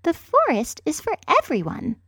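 A woman voicing a small brave pixie girl in a storybook reading, high and childlike. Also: huge pitch swings, moderate pace, bright, forceful tone, no echo, clean studio sound, heavily acted. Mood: indignant. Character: brave little female pixie and piglets.

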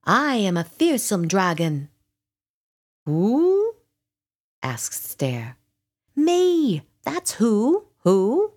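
A woman's voice: huge pitch swings, very slow, pauses often, full character voice. A woman voicing a young, clumsy boy dragon in a storybook reading, puffing himself up with bravado in a raised voice. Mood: indignant. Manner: puffed-up bravado, high and pleading. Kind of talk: storybook read-aloud.

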